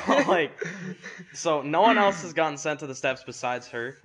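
A man's voice: on the high side, lively intonation, measured pace, a bit bright. Rambling teen boy telling school stories. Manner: rambling storytelling with many fillers. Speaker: podcast co-host. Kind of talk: casual chat.

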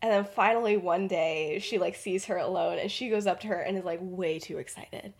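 A woman's voice: medium pitch, steady tone, fairly quick. A young adult woman hosting a podcast, telling a story in a chatty, rambling way full of fillers. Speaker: podcast host. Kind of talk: casual storytelling.

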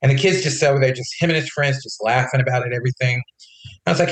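A man's voice: mid-range voice, a little fast, echoey room, rough recording. A man on a podcast, telling a personal story in casual chat and quoting the people in it. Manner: animated, quotes others in his retelling. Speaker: podcast co-host.

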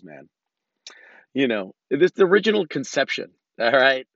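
A podcast host records a solo episode in an unhurried, very animated, fairly bright mid-range voice. He rambles and swears, restarting sentences often and breaking into bursts of political ranting. The recording is dull, dry, and lo-fi.

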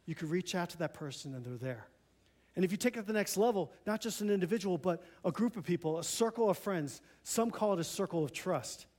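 A man's voice: sits high, darkish tone. A male pastor giving a sermon in a church, earnest and conversational, often restarting his sentences. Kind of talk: Christmas Eve sermon.

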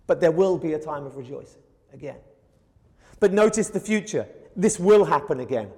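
A man with a high voice preaches a sermon earnestly. He acts out quoted pleas with a rising voice. Long reverb hangs behind him. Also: animated, normal speed, dark tone. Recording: hall reverb.

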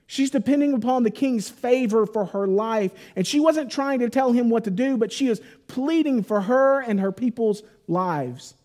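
A man delivers a Bible teaching sermon in a relaxed, chatty style. His voice sits high for a man, and he keeps it lively with informal asides. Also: moderate pace, few pauses. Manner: conversational and animated, lots of 'like'. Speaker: preacher.

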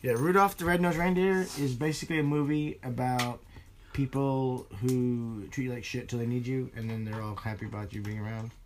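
A man's voice: medium pitch, fairly even intonation, fairly quick, a little hiss or hum. A young man in casual chat with friends, making dry, joking asides.

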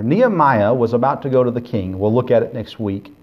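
A man's voice: medium pitch, expressive, fairly quick, few pauses. Earnest preaching man, muffled recording. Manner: earnest preaching that swings between loud emphasis and quiet, intimate asides. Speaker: pastor. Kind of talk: sermon. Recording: dull lo-fi sermon recording.

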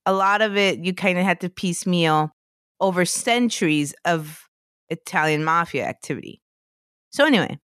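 A woman's voice: fairly low pitch, a bit bright, no room sound, studio quality. A woman hosting a podcast, telling a story in a loose, conversational way and laughing easily between points. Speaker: podcast host. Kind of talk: casual podcast chat and storytelling.

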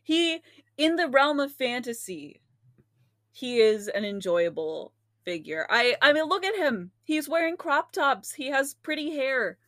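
Woman, casual co-host, higher voice, dry close sound, giggly and animated. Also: measured pace, dry recording. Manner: giggly, laughs often, animated. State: laughing to tears at times. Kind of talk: casual chat.

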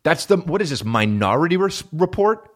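A young man hosting a comedy podcast, ranting profanely, jumping between loud high bursts and low mumbled asides. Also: sing-song, normal speed. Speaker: podcast host. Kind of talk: solo comedic podcast rant.

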